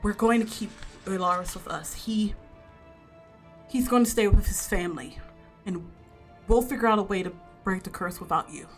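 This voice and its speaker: A woman's voice: mid-range voice, moderate pace, long pauses, soft background music, lightly acted. A woman voicing a meek, conflicted father who speaks hesitantly, lacking confidence.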